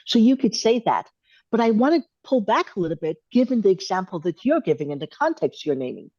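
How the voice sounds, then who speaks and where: A woman hosting a live Q and A on a video call, answering questions in a thoughtful, measured, gently encouraging way. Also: medium pitch, no echo, dull audio. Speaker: host answering viewer questions. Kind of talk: live Q and A coaching.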